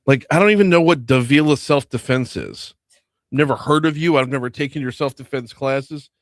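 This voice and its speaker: A man hosting a talk radio show, rambling and animated in casual banter. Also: medium pitch, normal speed, no room sound. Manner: rambling, animated, self-interrupting. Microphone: studio mic.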